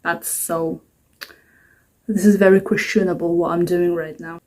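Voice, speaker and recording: Talking casually to camera at home late at night, this vlogger in her twenties wanders from thought to thought with a self-deprecating streak. She speaks briskly in a lowish, dark voice with little rise or fall in pitch.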